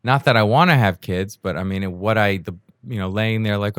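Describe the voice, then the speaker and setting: A young man talks alone into a new home mic in a low voice, loose and self-deprecating, laughing at himself as he rambles. The sound is close and dry, with no room around it. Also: normal speed, dry recording. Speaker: podcast host. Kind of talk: casual solo monologue. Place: indoors at home during a rainstorm.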